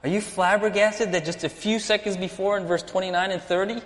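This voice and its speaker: Male pastor, slightly high voice, animated preacher who acts out scenes, reverberant hall sound. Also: fairly quick. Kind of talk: sermon.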